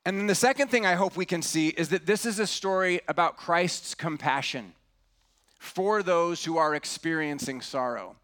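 A middle-aged man preaches a sermon with a notably high voice. He speaks earnestly and drops to a hush to stress key words. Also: normal speed. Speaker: pastor.

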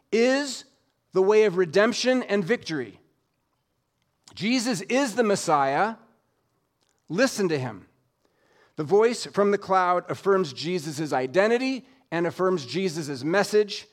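A man preaching a sermon, expressive, dropping soft and low when he quotes scripture. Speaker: pastor.

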